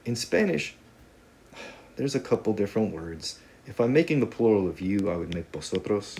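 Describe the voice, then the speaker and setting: A man's voice: on the low side, big pitch swings, moderate pace, gravelly, dark tone. A man teaching a casual video lesson on Spanish grammar, talking in a conversational, joking way with playful asides.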